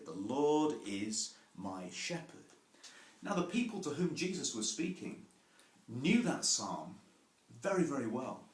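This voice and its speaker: A man preaching a sermon, telling homely stories with asides and gentle self-deprecating humour. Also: medium pitch, echoey room.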